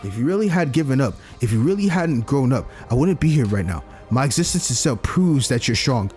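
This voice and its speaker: A man voicing a stern but caring older mentor who gives firm, steady encouragement. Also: mid-range voice, brisk, faint music behind, close to an everyday voice.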